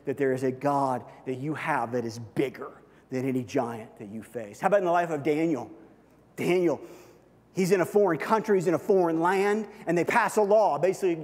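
A man preaching a sermon, retelling Bible stories in a lively, casual storytelling way. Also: a little high, in a large hall. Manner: lively storytelling, acts out biblical quotes casually. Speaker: pastor.

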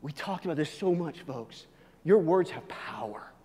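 A male pastor preaching a sermon, swinging from hushed, low asides to loud, emphatic proclaiming. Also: animated, moderate pace, long reverb tail.

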